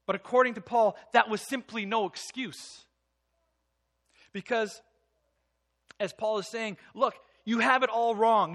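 Bright, high-voiced male preacher. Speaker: pastor. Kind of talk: sermon.

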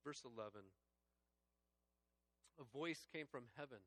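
A male pastor preaching a sermon, earnest and personal, moving between hushed reflective passages and raised, emphatic preaching. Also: mid-range voice, unhurried, long pauses, no echo. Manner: earnest and personal, addressing listeners as friends.

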